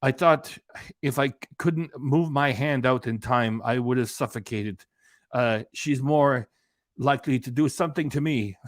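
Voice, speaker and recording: A man voicing a put-upon husband telling a story in a slow, flat way. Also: medium pitch, dry recording, studio quality, close to an everyday voice. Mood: deadpan.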